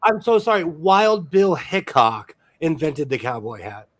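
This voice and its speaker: A man's voice: a little high, sing-song, unhurried, fairly bright tone. A man from the US West Coast hosting a casual sewing chat, rambling and laughing often as he tells stories. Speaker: sewing stream host.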